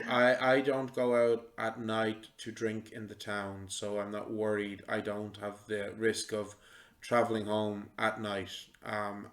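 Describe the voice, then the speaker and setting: A man narrating a tabletop game as game master, relaxed and halting with frequent ums. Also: lowish voice.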